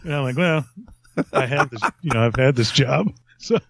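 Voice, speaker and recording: A man's voice: mid-range voice, normal speed, gravelly, dry recording. A man telling a long story in casual podcast chat, rambling and self-mocking, laughing often.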